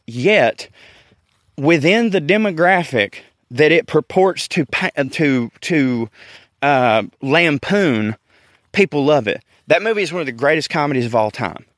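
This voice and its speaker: A man's voice: fairly high pitch, expressive, a little slow, a bit bright, no echo, studio quality. A man with a Southern US accent, a podcast host talking in a rambling, candid monologue and swearing casually, recorded outdoors in a park.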